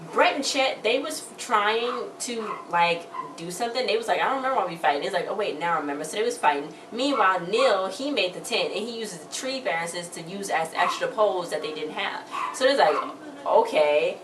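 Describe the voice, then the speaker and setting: A woman's voice: mid-range voice, expressive, brisk, recorded from a distance. A young woman casually recapping a TV episode, rambling along and acting out the characters' lines. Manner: rambling retelling with acted-out quotes. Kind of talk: casual chat. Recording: roomy echo, faint background noise.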